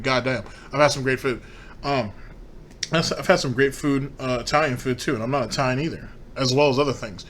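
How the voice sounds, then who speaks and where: A man's voice: fairly high pitch, fairly bright tone. A man hosting a commentary show, ranting in a profane, mocking way. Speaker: commentary host.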